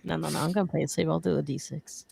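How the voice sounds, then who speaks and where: A woman playing a tabletop game, talking in character in a folksy, lively way and laughing often. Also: low-pitched, fast talker, vocal fry, slightly rough. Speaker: player.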